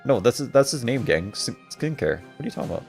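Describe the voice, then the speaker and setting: Male streamer, casual and jokey, stumbles over words, lively pitch, faint music behind. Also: fast talker, gravelly. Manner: stuttering, jokey, apologetic. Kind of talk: casual chat while playing.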